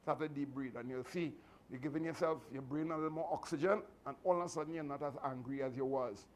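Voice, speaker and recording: A man's voice: medium pitch, fast, a little hiss or hum. A man, a martial arts instructor giving a motivational speech to his students, earnest and repetitive with many restarts. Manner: fatherly advice giving.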